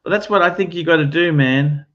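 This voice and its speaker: A man hosting a casual livestream talks in a blunt, bossy way and swears freely. His voice sits a little high. The recording sounds dull and muffled. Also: a little fast. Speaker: livestream host.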